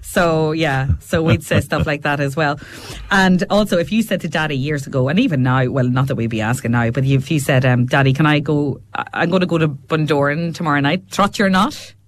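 A woman's voice: deep voice, fairly quick, hardly any pauses. Woman, Fermanagh accent, middle-aged, chatty storyteller, laughing often, radio studio chat. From Fermanagh, Northern Ireland. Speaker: radio guest commentator. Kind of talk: casual chat.

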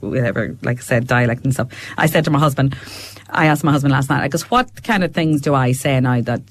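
Speaking briskly in a bass voice, a middle-aged woman with a Fermanagh accent, from Fermanagh, Northern Ireland, is a guest on a radio show in a studio. Her talk is casual chat full of family stories and frequent laughter.

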